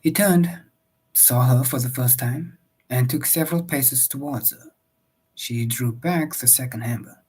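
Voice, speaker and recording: Slow, husky male storyteller. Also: medium pitch, a little mellow, poor audio. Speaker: audiobook reader. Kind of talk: storybook narration.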